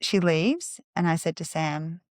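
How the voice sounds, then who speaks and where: A woman's voice: deep voice, unhurried, no room sound, clean studio sound. A woman, a podcast guest telling her story candidly and animatedly. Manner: candid, animated, acts out quoted voices. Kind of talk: conversational storytelling.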